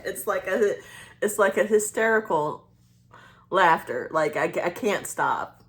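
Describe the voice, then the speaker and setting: A woman's voice: mid-range voice, lively intonation, normal speed, fairly bright tone. A woman in her forties with a Southern US accent, telling a casual confiding story with a rambling delivery and many restarts. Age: 40s. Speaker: vlogger.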